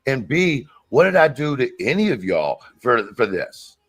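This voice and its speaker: An agitated man argues defensively on a livestream, often repeating himself as he gets worked up. The recording is dry, with no room sound, and his voice sits at an ordinary middle pitch. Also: sing-song, unhurried, slightly rough, no echo, soft background music. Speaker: streamer in a played clip. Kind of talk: heated live-stream argument.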